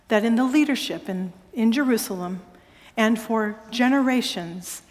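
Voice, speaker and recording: A woman pastor preaching a sermon, telling a story with animated, emphatic exclamations. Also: on the high side, big-room sound. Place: church sanctuary.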